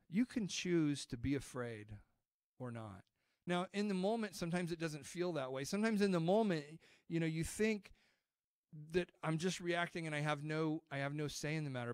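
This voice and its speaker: A man's voice: on the high side, no room sound, clean studio sound. A middle-aged man preaching a sermon as pastor, telling stories in a conversational way with frequent restarts.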